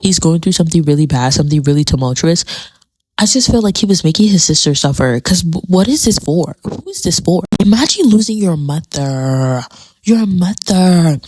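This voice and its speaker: A woman's voice: fairly low pitch, expressive, normal speed, darkish tone, a little hiss or hum. A woman giving a casual commentary on a TV episode, chatty and dramatic, repeating phrases for emphasis. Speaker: TV show commentator.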